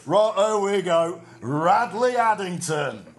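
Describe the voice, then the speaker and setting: A man's voice: high-pitched, expressive, slow. A man with a northern English accent co-hosting a casual comedy chat, rambling and swearing with jokey asides. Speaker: podcast co-host.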